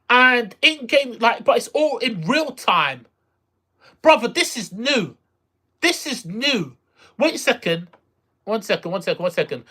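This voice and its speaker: A streamer casually reacting live to a game, excitable, repeating phrases and exclaiming. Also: medium pitch, slightly rough.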